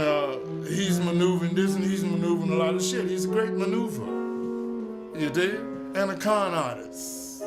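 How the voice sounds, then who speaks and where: A man in his seventies, a jazz musician, telling old stories in a streetwise, profane way and often asking "you dig?". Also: a little high. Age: 70s. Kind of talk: storytelling recollection. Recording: roomy echo with faint music behind.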